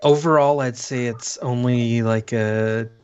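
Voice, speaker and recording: A man guesting on a casual podcast, relaxed and laid-back in his replies. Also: medium pitch, measured pace, clean tone, muffled recording. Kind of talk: casual chat.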